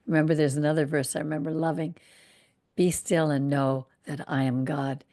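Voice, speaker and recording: A woman reading scripture aloud and pausing for reflective, conversational commentary as a Torah teacher. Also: low-pitched, level tone, mellow.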